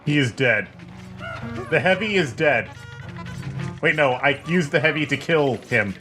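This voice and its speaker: A man's voice: fairly high pitch, expressive, measured pace, sharp tone. A man giving let's-play commentary in a profane, joking, rambling way, with game music playing behind him. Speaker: gameplay commentator.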